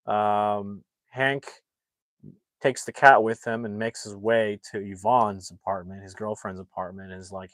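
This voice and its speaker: In a dry recording, a man with a lowish voice talks at a measured pace as he hosts a livestream. A movie reviewer by trade, he rambles through a film's plot with frequent restarts, animatedly voicing the characters.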